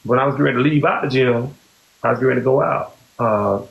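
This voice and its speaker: A man with a medium-pitched, fry-tinged voice talks rapid-fire as he hosts a podcast, spinning a personal story in rambling, casual fashion and circling back to "you know what I'm saying." The high frequencies are cut off, and the room is echoey with a faint hiss.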